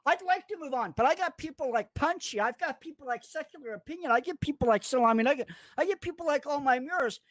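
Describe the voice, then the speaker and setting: A man's voice: quick pace, few pauses, no echo. Furious profane man ranting on a livestream. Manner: furious, cursing, threatening, mocking with high-pitched put-on voices. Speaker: online commentator. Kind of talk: angry profane livestream rant.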